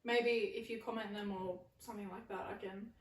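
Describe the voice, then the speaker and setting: A young woman co-hosting a casual podcast, talking in quick chatty bursts. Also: medium pitch, fairly even intonation. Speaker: podcast co-host. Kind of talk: casual chat. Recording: echoey room, far from mic.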